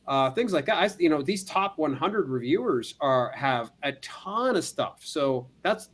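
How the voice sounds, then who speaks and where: A man with a somewhat high voice co-hosts a casual business podcast. He talks at length, circling back and restarting his sentences, and slips in playful asides as he goes. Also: a bit bright, a little hiss or hum. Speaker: podcast co-host.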